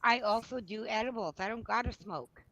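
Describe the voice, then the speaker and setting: A woman's voice: fairly high pitch, normal speed, fairly bright tone, no echo, highs cut off. A woman friend on a call, speaking bluntly and chiding. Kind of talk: casual chat.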